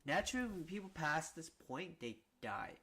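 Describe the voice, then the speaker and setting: A man's voice: a little high, very animated, normal speed, pushed and bright, breathy edge, voice pushed up, full character voice. A man voicing a cold, mocking male demon, reading his lecturing lines aloud. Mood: gloating.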